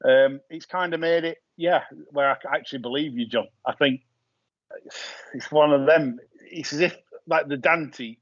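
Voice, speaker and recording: A man hosting a casual horse racing chat, talking in quick bursts with frequent restarts. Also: a little high, dry recording, lo-fi sound. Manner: chatty, hesitant restarts, laughs at own jokes. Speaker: podcast host.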